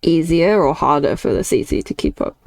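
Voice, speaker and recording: British girl streaming her art, gravelly low-ish voice, chatty, reads chat and laughs a lot. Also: big pitch swings, fairly quick, dry recording. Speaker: artist streamer. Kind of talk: casual chat while drawing on stream.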